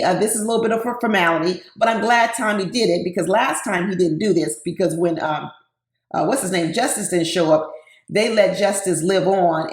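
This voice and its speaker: A woman's voice: medium pitch, reverberant. A woman giving a casual, opinionated recap of a reality TV episode, with many fillers and the odd laugh. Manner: laughs between her comments.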